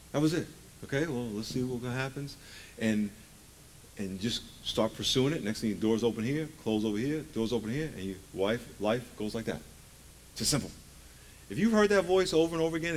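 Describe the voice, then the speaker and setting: A man's voice: on the high side, slight background noise. A male pastor preaching a sermon, emphatic and conversational, leading the congregation in call-and-response and dropping folksy asides.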